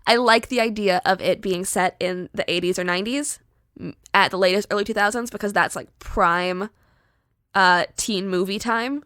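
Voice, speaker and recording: A young woman podcast host casually pitching a horror story, chatty and animated with lots of filler words. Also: moderate pace, smooth, no echo, studio quality.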